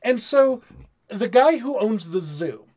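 A man in a casual movie review chat, walking through the plot with heavy swearing and quick acted-out quotes. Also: high voice, big pitch swings, darkish tone. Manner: profane storyteller who acts out characters' lines.

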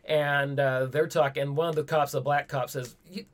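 A man's voice: a little high, level tone, moderate pace. A man in casual movie talk, rambling and retelling scenes with quoted lines.

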